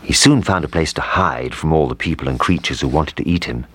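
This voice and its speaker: Very deep-voiced male storyteller. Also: a little fast, breathy edge. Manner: expressive, lively intonation. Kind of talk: storybook reading.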